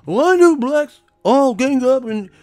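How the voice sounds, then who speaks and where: A man mimicking an indignant online commenter in a shrill, mocking squeal. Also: animated, slow pace, a little mellow, heavily acted. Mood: mocking outrage.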